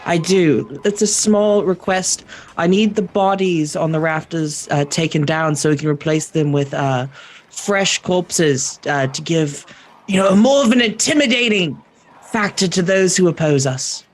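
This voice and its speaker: A man's voice: a little high, measured pace. Pompous mock-polite player man. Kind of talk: in-character role-play.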